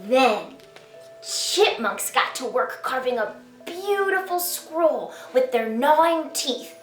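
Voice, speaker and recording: Woman storyteller for a children's read-aloud, playful and unhurried, roomy sound with faint music under her. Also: high-pitched, expressive, far from the mic. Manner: slow, sing-song and playful, invites kids to join in. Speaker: children's author reading her picture book.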